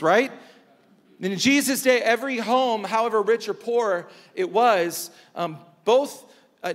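A man's voice: sits high, fairly bright tone. Guy pastor preaching, repeats lines for emphasis, big echoey church sound. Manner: preaching with emphatic repetition and dramatic pauses. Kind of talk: sermon. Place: large church hall. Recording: church hall reverb.

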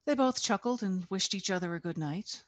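A woman reads aloud from her own novel in a measured, deliberate way over a video call. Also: mid-range voice, expressive, dry recording. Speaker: author reading her novel. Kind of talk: expressive reading aloud.

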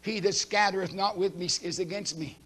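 A man preaching a sermon, emphatic and preachy, swinging between loud declarations and hushed asides, and reading scripture aloud quickly. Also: high voice, fairly even intonation.

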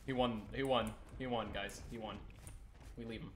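A man giving playful, chatty gameplay commentary, teasing other players and squealing up high when he goofs around. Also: fairly even intonation, normal speed. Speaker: gaming streamer. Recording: roomy sound with audible background noise.

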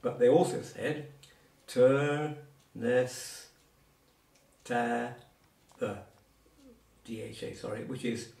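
Extremely slow and gravelly, with long pauses, a man's medium-pitched, slightly mellow voice guides a single learner through Cornish words. The lesson is casual and patient, full of asides and examples, captured from afar in a roomy space.

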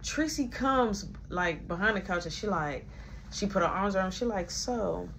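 A young woman tells a casual storytime, keeping a middle pitch. She animates every quoted line as she goes. A faint room hum sits under her voice. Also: animated, normal speed, a bit bright. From Chicago, USA. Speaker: storyteller vlogger.

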